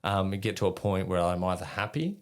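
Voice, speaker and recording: A middle-aged Australian army veteran, a guest in an interview, tells rambling, profane stories about his past and laughs at himself. His deep voice moves quickly with lively intonation, in the manner of casual storytelling.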